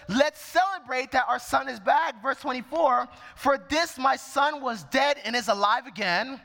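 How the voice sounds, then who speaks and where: A man's voice: very high voice, vocal fry, sharp tone, long reverb tail. A man preaching a sermon, reading scripture verse by verse and explaining it as he goes.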